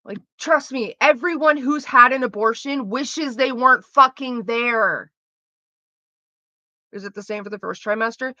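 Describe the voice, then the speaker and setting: Young woman, candid streamer chat, sharp bright tone, curses a lot; dry, slightly muffled close mic. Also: a little high, unhurried, no echo. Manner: blunt, profane and animated.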